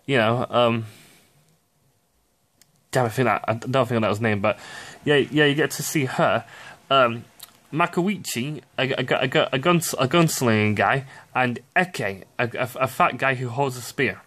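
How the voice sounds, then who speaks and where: A young man giving profane, ranting commentary on video games, excitable and quick to burst out shouting. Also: mid-range voice. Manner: excitable, swears often, sudden shouty outbursts. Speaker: gaming commentator.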